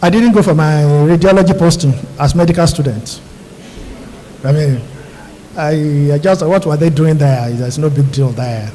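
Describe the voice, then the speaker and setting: High-voiced Nigerian man speaking in a hall. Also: moderate pace, warm tone. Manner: earnest, storytelling, addresses audience directly. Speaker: guest speaker, radiologist. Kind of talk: speech to new doctors. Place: large university auditorium. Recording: long hall reverb.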